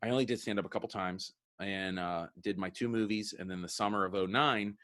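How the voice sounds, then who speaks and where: A man's voice: on the low side, a little fast, fairly bright tone. A man in his thirties, a comedian guest, telling rambling stories in a casual interview and acting out the people he quotes. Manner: rambling storyteller, acts out quoted voices.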